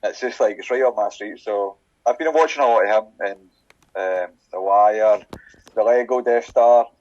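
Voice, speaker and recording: A Scottish man telling a sweary, animated story in casual chat on a podcast and acting out the voices of the people in it. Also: on the low side, normal speed, muffled recording. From Scotland. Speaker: podcast guest.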